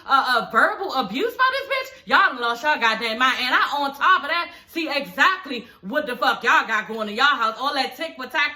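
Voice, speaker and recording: A woman recapping a reality show for her viewers in a casual, animated, profane way, talking with dental aligners in. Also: sits high, moderate pace. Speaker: YouTube reality TV reviewer.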